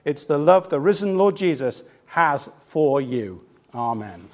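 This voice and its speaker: A man preaching a sermon, telling a story with humor and building to emphatic high points. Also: very animated, a little slow.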